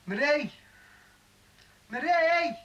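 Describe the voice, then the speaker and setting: A man's voice: mid-range voice, animated, brisk, fairly bright tone, highs cut off. An actor playing a frustrated bedbound man who sounds impatient and demanding. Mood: irritable. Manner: irritable, demanding. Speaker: bedridden partner. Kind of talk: TV drama acting.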